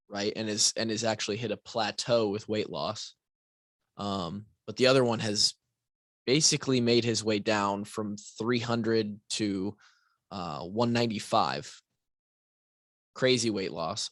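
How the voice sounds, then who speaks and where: A man's voice: fairly low pitch, no room sound. A man hosting a fitness podcast alone, talking casually with restarts, asides and frequent "right?", a bit tired. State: tired, yawning. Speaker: podcast host and fitness coach. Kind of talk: casual solo podcast talk.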